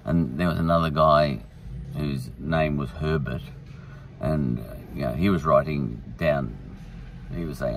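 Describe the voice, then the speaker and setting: A man's voice: a bass voice, a little slow, gravelly, far from the mic, slight background noise, rough recording. A man hosting a podcast, rambling through a casual, irreverent monologue. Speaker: podcast host.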